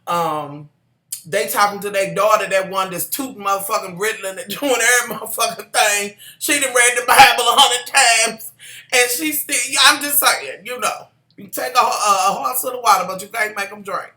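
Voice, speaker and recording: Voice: medium pitch, fairly even intonation, normal speed, pushed and bright, echoey room. A vlogger recapping a TV drama in casual chat, sassy and profane, calling viewers y'all and honey.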